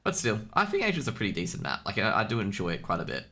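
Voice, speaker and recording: A man with an Australian accent and a low-set but bright, cutting voice. He talks as a solo stream caster, rambling and joking between points. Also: huge pitch swings, very fast. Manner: chatty, rambling, jokey. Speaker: esports caster. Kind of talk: casual solo stream commentary.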